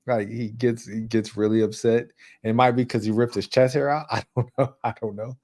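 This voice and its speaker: A man's voice: medium pitch, steady tone, fairly quick, a little mellow. A man from New York co-hosting a casual movie talk show, rambling with many restarts and filler words. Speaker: co-host. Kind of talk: casual chat.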